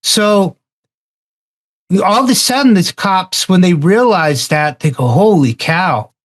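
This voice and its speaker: Man telling a halting anecdote. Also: high voice, expressive. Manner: halting, repeats words while telling an anecdote. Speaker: roundtable participant. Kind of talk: casual discussion, storytelling.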